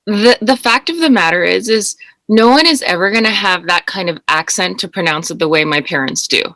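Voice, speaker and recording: A woman's voice: medium pitch, lively intonation, a little fast, bright, forceful tone, dry recording. A woman guest, a motivational speaker and coach, talking animatedly and laughing easily in a casual podcast interview.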